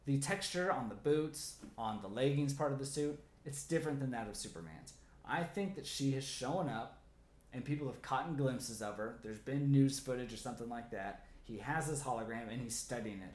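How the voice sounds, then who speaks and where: A man hosting a comic theory video, talking casually and excitedly with lots of "like" fillers. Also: mid-range voice, moderate pace, echoey room. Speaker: comic theory channel host.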